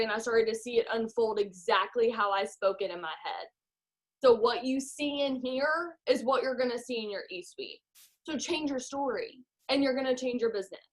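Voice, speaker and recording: A young woman who leads a sales team, giving an energetic, emphatic motivational talk on a live call. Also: high voice. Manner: energetic, emphatic, acts out her own past complaints. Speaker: team leader in direct sales.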